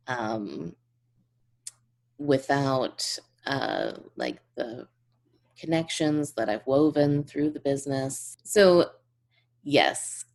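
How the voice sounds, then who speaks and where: A woman's voice: rumbling low, sing-song, drawn-out words, vocal fry, pauses often. A woman guest in a casual interview, speaking earnestly and effusively and laughing often. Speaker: podcast guest.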